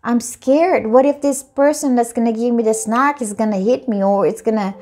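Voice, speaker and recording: A woman's voice: a little high, normal speed, darkish tone, lightly acted. A woman voicing a timid scared puppy. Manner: hesitant, fearful.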